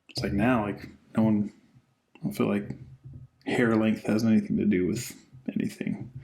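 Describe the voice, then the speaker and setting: A man hosting an ASMR channel, reading an old saga in a soft, half-whispered voice and drifting into rambling asides full of likes. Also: lowish voice, vocal fry, low-quality recording. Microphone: microphone with headphones.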